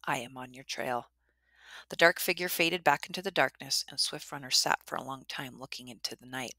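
A woman telling a traditional story in a measured, dramatic narration. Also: a bass voice, sharp tone, no echo, clean studio sound.

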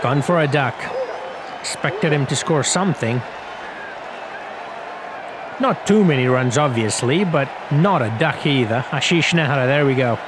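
A young man giving rambling, casual play-by-play commentary over a cricket video game, getting excited on big shots. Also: mid-range voice, measured pace, long pauses. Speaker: gaming commentator. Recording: loud crowd and game noise behind.

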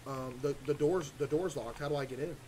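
Jumpy high-voiced streamer man. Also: fairly quick, a little hiss or hum. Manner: excitable, stammering, talks to chat. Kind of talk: live horror gameplay commentary.

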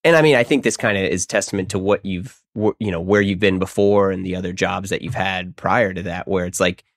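A man's voice: low voice, a little fast, no echo, studio quality. A man hosting a podcast, introducing his guest and chatting in an easygoing, riffing way. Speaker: podcast host. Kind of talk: podcast interview.

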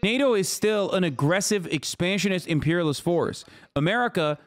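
A man's voice: high-pitched, animated, moderate pace, dry recording. A man streaming live, reacting to news with agitated, profane ranting.

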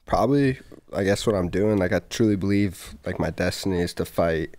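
A man's voice: sits low, a little fast, darkish tone, no echo. A young man, a fighter guesting on a podcast, talking hesitantly with lots of fillers. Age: young adult. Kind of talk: casual podcast chat.

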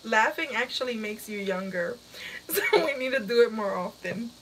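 A woman's voice: fairly high pitch, moderate pace, a bit bright, slight background noise. A young woman hosting a casual live stream, talking to viewers while she keeps breaking into helpless, breathless laughter.

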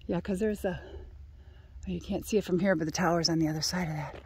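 A woman's voice: lowish voice, fairly even intonation, fast talker, noisy background. A woman filming a casual vlog outdoors on a mountaintop, slightly out of breath and chatting to her viewers on a handheld camera. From Arizona. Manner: chatty, talks to her dog. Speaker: vlogger.

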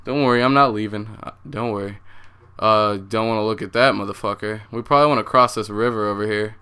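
A man's voice: on the low side, fairly even intonation, fairly quick, sharp tone, clean tone. A young man hosting a horror game playthrough, jumpy and swearing a lot as he talks to his viewers. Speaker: gaming channel host.

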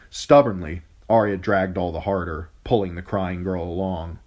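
A male audiobook narrator with a deep, low voice, reading a fantasy chapter aloud. He tells the story steadily, fixing an occasional slip as he goes. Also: steady tone, normal speed, a little mellow. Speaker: audiobook reader. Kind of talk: scripted narration.

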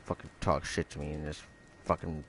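A man swearing nonstop at a video game while he plays, sliding from low grumbling into loud outbursts. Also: little pitch movement, brisk, slight background noise. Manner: profane, swears constantly at the game; explodes into shouting when frustrated. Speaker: gamer. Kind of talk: raging gameplay commentary.

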